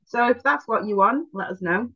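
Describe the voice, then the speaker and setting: A woman's voice: on the high side, moderate pace, fairly bright tone, slightly rough, muffled recording. A woman, co-hosting a casual chat in an easygoing, giggly way. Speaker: podcast co-host.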